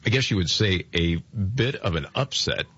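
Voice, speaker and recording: A man's voice: deep voice, expressive, moderate pace, sharp tone, slightly rough. A man hosting a talk show, bantering casually and making dry, sarcastic remarks. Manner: wry, sarcastic quips. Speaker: show host. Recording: lo-fi audio with faint music.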